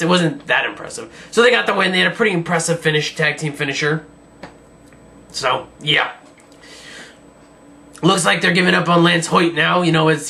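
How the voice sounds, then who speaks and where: A man's voice: on the high side, gravelly, pushed and bright. A man giving a sarcastic, rambling, jokey review of a wrestling show in a casual style. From Virginia.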